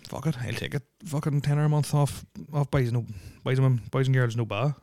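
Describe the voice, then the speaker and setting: Swearing, rambling Irish podcast host. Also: male voice, mid-range voice, steady tone, fairly quick, dark tone, no echo, clean studio sound. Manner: rambling, swears constantly, heavy use of "like". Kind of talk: casual podcast chat. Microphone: close podcast mic.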